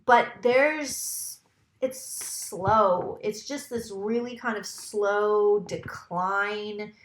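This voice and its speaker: A woman's voice: medium pitch, very slow, reverberant. A woman psychic giving a casual, rambling tarot reading, talking straight to her viewers and swearing now and then.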